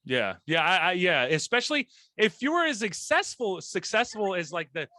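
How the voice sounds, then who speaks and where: High bright-voiced man in casual chat. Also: moderate pace, no room sound. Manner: animated, swearing, laughing. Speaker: podcast co-host.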